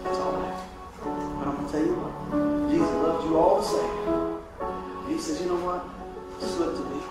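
A man preaching a sermon as pastor, telling a hospital story in an animated way and acting out the voices. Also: extremely high pitch. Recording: echoey room from a distance.

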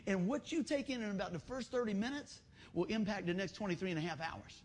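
A man preaching a sermon, lively and acting out little everyday scenes with voices. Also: high voice, quick pace, slight background noise. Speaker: pastor.

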